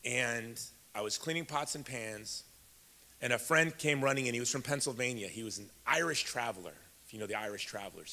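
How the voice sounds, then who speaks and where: His voice fairly low and sharp in tone, a fifty-something speaker from Chicago, USA, delivers a keynote in a big event hall. He talks to the audience directly and casually while recounting something from his own life, with echo around him.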